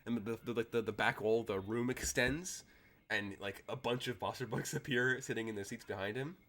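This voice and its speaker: As game master of a tabletop game, a man narrates in a rambling way with many fillers. His medium-pitched, fairly bright voice is fairly quick with fairly even intonation, over slight background noise.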